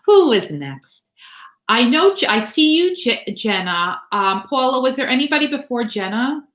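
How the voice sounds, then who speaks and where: A woman's voice: on the high side, sing-song, normal speed, fairly bright tone, echoey room. Rambling chatty tarot reader woman. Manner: rambling, chatty, many fillers and restarts. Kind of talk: live-stream tarot reading.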